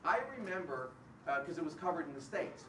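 A man giving a public university lecture, animated and sarcastic, often acting out the voices of the people he quotes. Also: a little high, fairly quick, far from the mic, a little hiss or hum. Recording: roomy hall picked up from afar.

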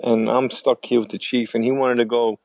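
Gravelly-voiced older man telling stories. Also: medium pitch, flat delivery, darkish tone, no room sound. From New York City. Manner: rambling, halting with many fillers. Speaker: retired firefighter guest. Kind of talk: conversational storytelling.

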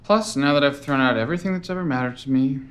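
An actor playing a clueless, self-absorbed young boyfriend in a comedy sketch, talking deadpan and self-pitying. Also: male voice, medium pitch, quick pace, natural voice. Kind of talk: scripted comedy sketch acting.

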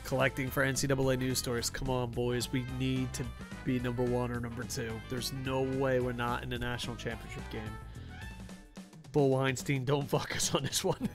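A young man streaming a football video game live, joking with his chat, swearing and getting loudly excited. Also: medium pitch, normal speed, music in the background.

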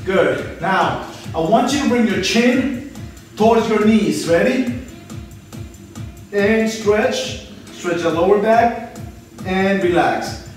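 This high-voiced male instructor takes it slowly, with long pauses, as he breathlessly coaches a live home workout, encouraging people and counting reps with energy. Soft music plays in the background of a very echoey room, mic set at a distance.

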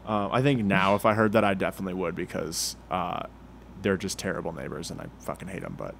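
A man's voice: low-pitched, expressive, fast talker, gravelly, a bit bright, a little hiss or hum. A young man co-hosting a podcast from his apartment, in a laid-back chat full of swearing and filler words. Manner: laid-back, swears a lot, says dude and like. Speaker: podcast co-host. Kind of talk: casual chat. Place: apartment room.

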